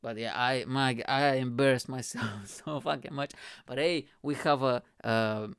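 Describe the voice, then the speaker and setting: A man's voice: medium pitch, measured pace, smooth, no room sound, clean studio sound. Young man ranting casually, swearing freely. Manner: swearing, animated storytelling with rhetorical questions. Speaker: podcast host and stand-up comedian. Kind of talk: casual solo podcast monologue.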